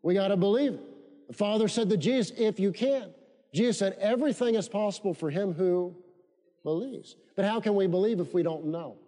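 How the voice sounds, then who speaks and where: A male pastor preaches briskly in a high yet mellow voice, hammering key phrases through emphatic repetition and leading the congregation in call-and-response. A long reverb suggests a large church hall.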